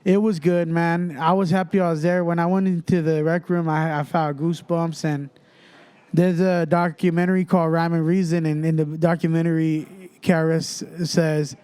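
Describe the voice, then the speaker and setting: This young man, a rapper from Fresno, California, spins a story as a guest in easygoing conversation, performing the voices of the people in it. He sounds a little high, clear, and resonant, speaking at a moderate pace with no echo.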